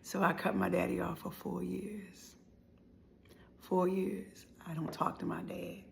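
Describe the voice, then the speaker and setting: A woman's voice: fairly low pitch, flat delivery, measured pace, gravelly, slight background noise. A middle-aged woman and life speaker telling a painful personal story with dramatic emotion, at times sinking to near whispers. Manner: dramatic, acts out dialogue, drops to near whispers.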